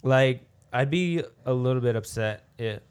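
A man's voice: mid-range voice, unhurried, smooth. A man co-hosting a casual podcast, joking and mocking a movie as he watches it. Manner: joking, mocking, riffs into loud silly bits. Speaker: podcast co-host. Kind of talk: casual movie riffing chat.

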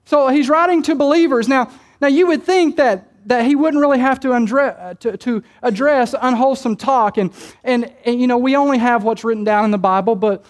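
A woman with a high voice delivers a sermon, laughing now and then as she jokes. She often repeats words at the start of her phrases. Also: fairly quick. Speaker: preacher.

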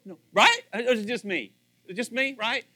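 A man's voice: extremely high pitch, fairly quick, soft background music. A middle-aged male pastor preaching a sermon, acting out little scenes and repeating phrases for emphasis. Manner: animated, acts out dialogue, repeats phrases for emphasis.

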